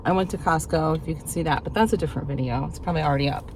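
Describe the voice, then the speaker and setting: A woman's voice: low voice, rapid-fire, darkish tone, a little hiss or hum. A middle-aged woman chatting casually in a vlog, telling stories with frequent laughter. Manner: chatty, laughs often, self-deprecating storytelling. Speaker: vlogger.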